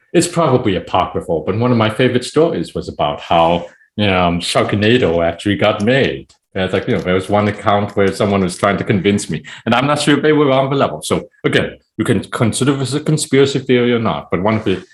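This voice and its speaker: A man guesting on a podcast as a poet, talking in a rambling, animated way full of "it's like, you know". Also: fairly low pitch, fairly quick. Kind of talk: casual podcast chat.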